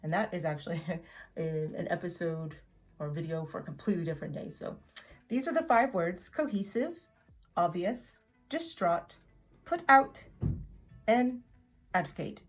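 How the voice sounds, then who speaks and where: A woman teaching an English vocabulary lesson in a chatty way, repeating words slowly for learners to echo. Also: lowish voice, soft background music. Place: in Oklahoma.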